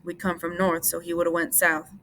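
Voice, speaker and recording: A woman voicing a weary, guarded ranch worker who speaks in low, clipped lines. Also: monotone, brisk, a bit bright.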